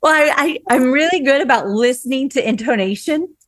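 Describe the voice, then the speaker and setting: An American woman co-hosting a podcast, talking in an earnest, warm-hearted way. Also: high-pitched, lively intonation, brisk, dry recording. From United States. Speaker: podcast co-host and teacher. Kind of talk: casual interview chat.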